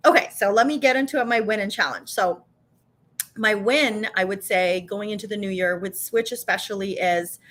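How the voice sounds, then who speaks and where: A co-founder and live show host speaks in a mid-range voice at a moderate pace, her tone a bit bright. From her home kitchen she hosts a relaxed live stream, sounding chatty and cheerful, with frequent fillers and restarts.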